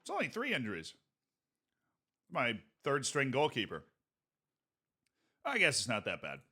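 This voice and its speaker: Playful, lively-voiced male game streamer. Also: mid-range voice, measured pace, slightly rough. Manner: goofy, playful, jokey asides to chat. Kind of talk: casual gameplay commentary.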